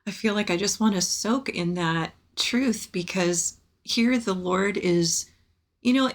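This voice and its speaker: A woman's voice: mid-range voice, slow. A woman co-hosting a faith podcast, speaking earnestly and reflectively and asking her co-host questions. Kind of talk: candid faith conversation.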